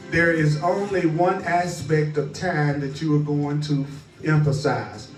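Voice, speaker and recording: A man's voice: on the high side, darkish tone, reverberant, recorded from a distance, low-quality recording. A man teaching spirituality in a rhythmic, repetitive, call-and-response cadence.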